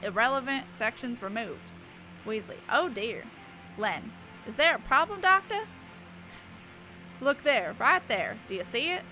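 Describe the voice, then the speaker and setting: A perky young woman persona, which a female streamer puts on for a live stream, reading aloud with a sharp, bright tone sitting a little high. She giggles her way through the text and keeps stopping to chat. Soft music plays faintly under her. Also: animated, a little slow, pauses often. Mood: playful. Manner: giggly, often breaks off to laugh and chat.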